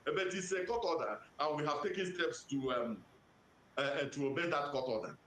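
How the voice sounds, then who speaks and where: Nigerian-accented man, official, measured formal delivery, fairly high voice, roomy echo. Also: fairly bright tone, a little hiss or hum. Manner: measured, methodical, cites legal sections. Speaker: electoral commission official. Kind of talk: formal answers to press questions.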